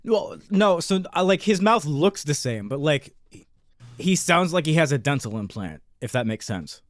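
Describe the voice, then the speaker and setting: A man's voice: on the high side, big pitch swings, normal speed, no room sound, clean studio sound. Lisping man in casual podcast chat. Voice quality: slight lisp. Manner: rambling, profane, hesitant. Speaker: podcast co-host.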